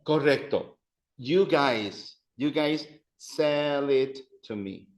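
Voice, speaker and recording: A man's voice: medium pitch, takes it slowly, rough recording. A man teaching an adult Spanish class, patiently repeating words for his students to practice.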